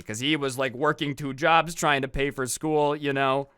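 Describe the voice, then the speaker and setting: A man's voice: a little high, moderate pace, clear, resonant tone, dry recording, studio quality. A young man casually retelling viewer stories, chatty and slangy, acting out the people he quotes. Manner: chatty, animated, slangy, acts out quoted voices. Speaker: storytime vlogger. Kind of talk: casual storytelling.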